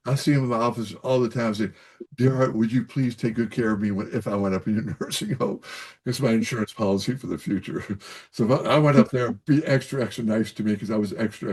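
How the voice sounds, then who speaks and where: Folksy older man, low voice. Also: darkish tone. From Kentucky. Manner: folksy, repetitive, emphatic with frequent "so anyways" and "okay?". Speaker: pediatrician guest. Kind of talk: casual advice-giving interview.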